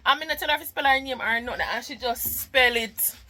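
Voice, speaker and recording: Bright, chatty Jamaican woman. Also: sits high, fairly quick, a little hiss or hum, poor audio. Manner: chatty and emotional, mixing patois with English. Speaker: mother and vlogger. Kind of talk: casual vlog chat.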